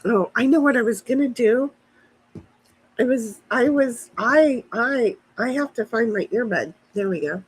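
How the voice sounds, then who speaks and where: Brief: woman livestream host, high and husky, rambling backyard chat with viewers into a phone. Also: a little slow, rough recording. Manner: rambling, answers live chat comments. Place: outdoors in a backyard.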